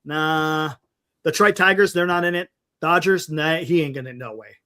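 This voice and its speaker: This is a man with a fairly high voice, hosting a casual sports talk livestream. He rambles and thinks out loud, trailing off and restarting as he reads names off a list. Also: moderate pace. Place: home livestream setup. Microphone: desktop mic on a live stream.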